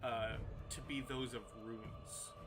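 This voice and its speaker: A man narrating a tabletop game as its game master, pacing his descriptions steadily. His voice sits at a middling pitch. Clear music runs under his voice. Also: fairly even intonation, slow.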